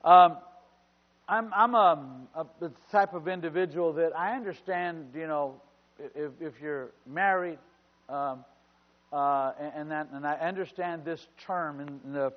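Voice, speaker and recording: A man's voice: fairly high pitch, big-room sound. A man preaching a sermon as pastor, calling out to his congregation. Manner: preaching with call-outs to the congregation. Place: church. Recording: dull lo-fi sermon recording.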